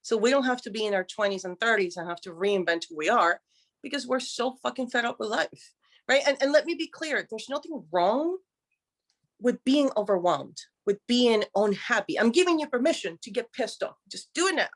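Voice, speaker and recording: A woman's voice: a little high, expressive, normal speed. A woman talking as a guest coach on a live stream, direct and emphatic, swearing freely. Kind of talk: motivational live-stream talk.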